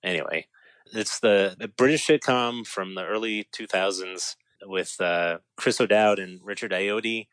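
A man co-hosting a casual chat, telling a story with lots of energy, his voice climbing high and breaking into laughter as he gets excited. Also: a little slow, smooth, no room sound. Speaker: podcast co-host.

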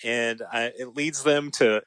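A man in mid-range pitch chats casually as a podcast co-host. He tells a story in an animated way, his voice soaring upward and dissolving into giggles at the best bits. The sound is dry and close. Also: measured pace, clean tone, no room sound. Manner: animated storyteller, voice rising high and laughing when excited. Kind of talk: casual chat.

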